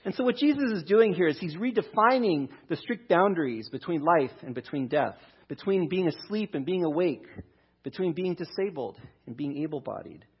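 A pastor preaching a conversational sermon, talking through a scripture passage. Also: male voice, on the high side, animated, normal speed, breathy edge, lo-fi sound. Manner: conversational, restarts, reads scripture aloud.

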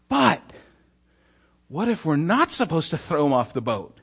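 A man with a high-sitting, slightly rough voice and vocal fry speaks at normal speed, pausing often. He preaches a sermon as a story, animatedly acting out the characters' lines and frequently asking the congregation "right?"

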